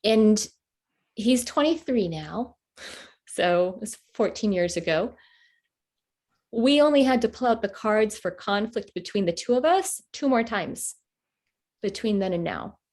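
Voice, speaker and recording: A woman in her forties, telling a personal story with halting, heartfelt pauses and fillers as a workshop presenter on a video call. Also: medium pitch, expressive, darkish tone. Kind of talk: storytelling talk to an online group.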